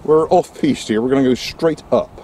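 Out on a windy stretch of coast, a man vlogs casually to his camera while walking his dog, chatting to it and panting as he climbs. His voice is medium-pitched and mellow, his pace moderate, his manner plain-spoken. The outdoor mic picks up wind noise.

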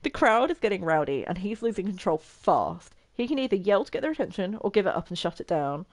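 Lively giggly woman gamer. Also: medium pitch, fairly quick. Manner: chatty, giggly, reacts out loud to the game. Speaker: gaming streamer. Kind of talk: casual gameplay commentary.

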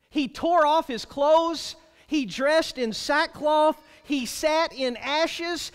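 A man with a very high, highly animated voice delivers a sermon as a pastor. He is emphatic and drags out key phrases slowly for weight. His words ring out with a long reverb from a church sanctuary.

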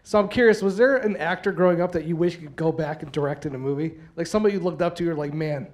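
Eager fast-talking man in the audience. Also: on the high side. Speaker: audience member asking a question. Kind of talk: enthusiastic audience question. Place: theater audience at a screening Q&A.

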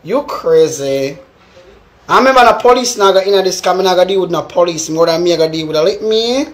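A woman's voice: on the low side, very fast. A young woman with a Jamaican accent ranting in a live video, calling someone out again and again with heated, repetitive jabs. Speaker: social media personality.

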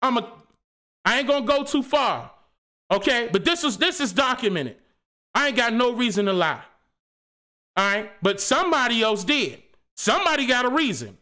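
Impassioned male live-stream host with a bright, sharp voice and a very lively pitch; preachy and slangy. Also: moderate pace, pauses often. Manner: passionate, fired up, preachy, rhetorical questions; casual slangy speech. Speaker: channel host.

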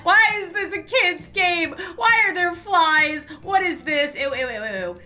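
A woman's voice: high voice, lively intonation, a little slow, pushed and bright, faint music behind. A young woman commenting while playing a game, reacting in a squeamish, dramatic way and laughing often. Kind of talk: let's-play commentary.

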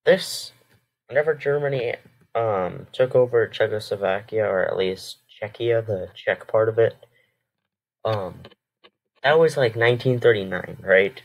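A man's voice: on the low side, unhurried. A man casually commenting over a history video, hesitant and rambling, correcting himself often. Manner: hesitant, rambling with many fillers and self-corrections. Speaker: reaction video host.

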